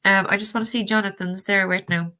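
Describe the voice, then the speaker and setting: A woman's voice: mid-range voice, fairly even intonation, fast talker, sharp tone. A woman with a Cork Irish accent chatting casually on a live stream, laughing often and swearing freely while reviewing a tarot deck. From Ireland.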